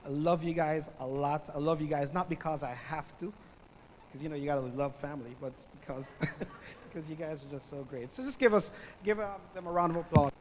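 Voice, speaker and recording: A middle-aged man with a Jamaican accent preaching as a guest pastor, greeting the church loudly and telling a story with quiet moments. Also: a little high, fairly quick, slight background noise. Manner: loud greeting, then storytelling with soft drops. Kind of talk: sermon. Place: church sanctuary. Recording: church hall reverb with faint ambience.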